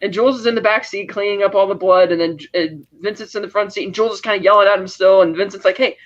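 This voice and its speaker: A man co-hosting a podcast talks fast in a rambling, chatty retelling. His voice sits high for a man. The podcast audio is dull and lo-fi. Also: steady tone. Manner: rapid, rambling retelling full of laughs. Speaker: podcast co-host. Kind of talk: casual movie recap chat.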